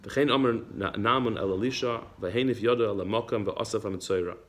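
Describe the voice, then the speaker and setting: A low-voiced man teaching a religious text class. He reads Hebrew passages and then explains each one in plain English. His delivery is unhurried, with frequent repeated words. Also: fairly bright tone. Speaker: Torah teacher.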